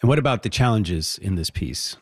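Low-voiced male radio host, dry sound. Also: lively intonation, a little fast, breathy edge, dry recording. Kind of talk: classical music radio interview.

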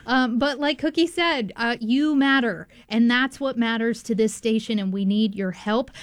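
Chatty lady pledge drive host, kinda high voice, totally dry sound. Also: moderate pace, no room sound. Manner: bubbly, chatty, enthusiastic. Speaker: public radio host. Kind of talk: pledge drive on-air appeal.

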